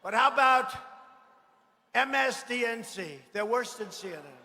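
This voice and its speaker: A man giving a rally speech, boastful and mocking, repeating himself and bursting into shouts. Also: extremely high pitch, expressive, unhurried, slight background noise. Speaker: political speaker at a rally. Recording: echoey hall with faint ambience.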